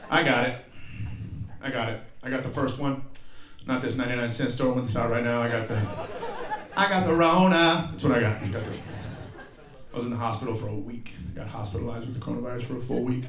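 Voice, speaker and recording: A man's voice: medium pitch, animated, a little fast. A man in his forties doing a live stand-up comedy set, telling profane stories with acted-out voices and sudden yelps. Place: theater stage before a laughing audience. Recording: roomy live venue with crowd laughter. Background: audience laughter.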